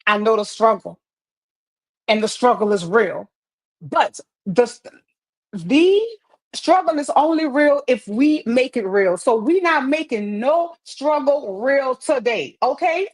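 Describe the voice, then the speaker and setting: This woman's voice sits on the high side and is animated, and she speaks slowly. Wearing a wireless earpiece, she responds to viewer comments during a live stream, cheering people on and repeating phrases to drive points home in motivational chat.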